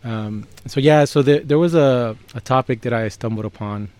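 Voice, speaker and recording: A man's voice: medium pitch, normal speed, darkish tone, no room sound. Easygoing teasing podcast co-host man. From San Antonio, Texas. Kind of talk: casual podcast chat.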